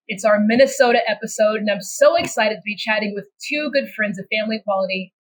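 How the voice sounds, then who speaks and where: Her voice is mid-range and fairly bright, captured on a poor-quality recording. This Texan-accented podcast host reads a scripted intro, then moves into casual, upbeat chatter that keeps trailing into restarts.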